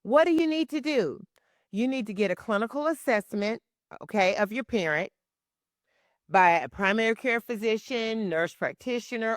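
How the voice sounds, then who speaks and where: A woman's voice: medium pitch, no echo, clean studio sound. A woman hosting a podcast, frankly answering a listener's letter about caring for a parent and checking in with "okay?". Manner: frank, conversational, asks rhetorical questions and adds "okay?". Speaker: podcast host and caregiving advisor. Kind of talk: direct advice talk answering a listener letter. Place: Texas.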